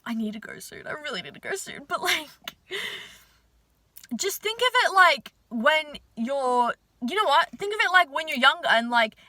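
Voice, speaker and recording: High, bright-voiced young woman chatting. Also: animated, moderate pace, dry recording. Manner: chatty, filler-heavy, swears casually, hypes viewers up. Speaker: manifestation vlogger. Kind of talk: casual chat to viewers.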